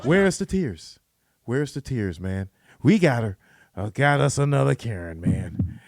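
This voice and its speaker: A man's voice: medium pitch, very animated, a little slow, creaky, no echo, studio quality. A man hosting a podcast, giving casual commentary in a loose, slangy, repetitive way. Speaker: podcast host.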